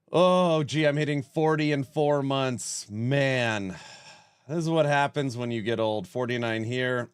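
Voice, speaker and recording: A man's voice: medium pitch, clear, resonant tone, no room sound, studio quality. A man in his forties hosting a casual livestream and reading chat aloud. He sounds stuffed up and worn out and talks in a rambling, self-mocking way. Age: 40s. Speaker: streamer host.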